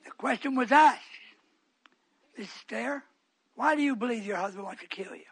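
A man, likely older, preaching a storytelling sermon, swinging from quiet asides to shouted outbursts. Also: very high-pitched, moderate pace, husky.

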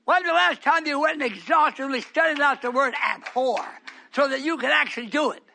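High bright-voiced preacher man, scolding the crowd, swings from yelling to hushed. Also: fairly quick, gravelly, a little hiss or hum. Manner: scolding, shouts then drops to hushed tones. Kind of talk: fiery sermon.

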